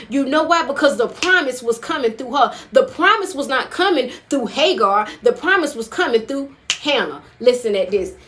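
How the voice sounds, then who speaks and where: A woman preaches in a casual, conversational sermon, her voice sitting a little high. She hammers her points home by saying them again and again, and she keeps turning to the listeners with folksy asides. The delivery is emphatic and personal, more like talking to friends than reading from a pulpit. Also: expressive, fairly quick, few pauses, fairly bright tone. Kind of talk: informal sermon.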